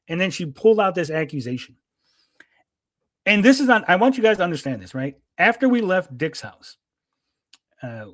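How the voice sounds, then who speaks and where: A man with a somewhat high voice rambles through a story on his livestream, agitated and full of fillers and repeated "right?". The sound is close and dry, with no room around it. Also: a bit bright, no room sound. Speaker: livestream host.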